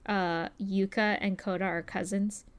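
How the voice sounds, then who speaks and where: A woman on a podcast, blunt and excitable, swearing casually as she talks. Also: medium pitch, a little slow, clear, resonant tone. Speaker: podcast co-host.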